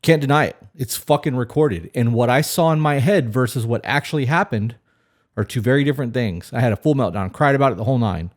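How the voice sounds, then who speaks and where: A man's voice: medium pitch, quick pace. A man co-hosting a podcast, talking frankly and questioningly in casual chat, swearing freely. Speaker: podcast co-host.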